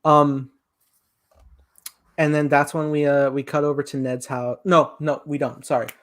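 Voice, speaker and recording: A man's voice: fairly high pitch, flat delivery, unhurried, fairly bright tone. A young man co-hosting a casual film review podcast, animatedly retelling scenes and acting out quoted lines. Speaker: podcast co-host.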